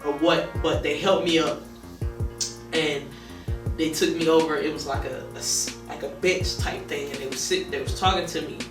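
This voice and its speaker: A woman's voice: low-pitched, steady tone, normal speed. A young woman in a documentary interview, casually recounting a personal story with lots of fillers and restarts. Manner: casual, rambling, many fillers. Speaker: documentary subject. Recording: roomy, distant mic, music underneath.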